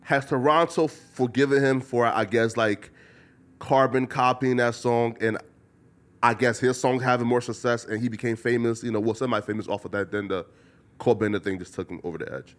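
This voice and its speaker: A man's voice: mid-range voice, fairly even intonation, normal speed. A man hosting a casual interview, rambling with lots of filler words. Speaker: podcast host.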